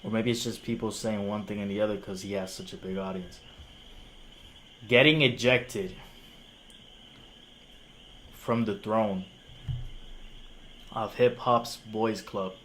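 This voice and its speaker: A man's voice: on the low side, steady tone, slow pace, long pauses, a bit bright, a little hiss or hum. A young man whose first language is Spanish, reviewing music on a live stream and arguing with a critic in casual slang. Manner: casual slang, incredulous and argumentative.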